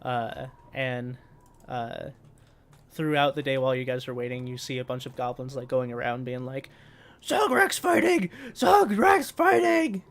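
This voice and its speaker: A man's voice: medium pitch, level tone, a little hiss or hum. A man narrating as game master of a tabletop game, filling his speech with hesitations. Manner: halting, full of fillers.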